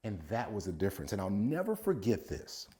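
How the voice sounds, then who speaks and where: A man's voice: on the low side, huge pitch swings, a little fast, dark tone. A man, a former football player turned business coach, telling a story to camera and quoting a friend aloud with frequent laughs.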